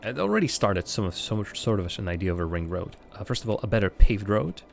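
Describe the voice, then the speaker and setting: A man's voice: on the low side, sing-song, brisk, vocal fry, a little hiss or hum. A man chatting casually as he streams a city-building game live, thinking aloud with lots of fillers and poking fun at his own mistakes. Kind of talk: casual live gameplay commentary.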